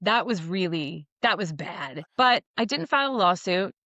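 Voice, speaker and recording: A woman's voice: fairly low pitch, moderate pace, dry recording. Blunt, profane woman telling her story. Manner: blunt, profane, animated retelling with quoted dialogue. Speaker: podcast guest. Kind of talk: candid interview storytelling.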